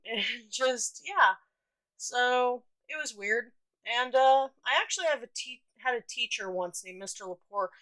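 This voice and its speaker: A woman's voice: on the high side, fairly bright tone, poor audio. A young woman casually telling stories from her childhood, chatty and rambling with lots of fillers and restarts. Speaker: storytime vlogger. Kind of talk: casual storytelling.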